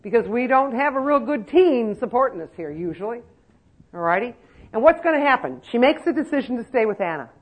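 A woman's voice: on the high side, very animated, brisk, dull audio. A woman giving a lecture to nursing-home staff, emphatic and conversational, with many rhetorical questions. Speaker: elder-care trainer.

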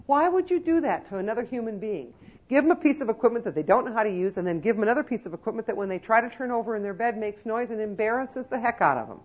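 A woman's voice: on the high side, lively intonation, quick pace, husky, phone-quality sound. A woman giving a lecture to nursing-home staff, emphatic and conversational, with many rhetorical questions. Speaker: elder-care trainer.

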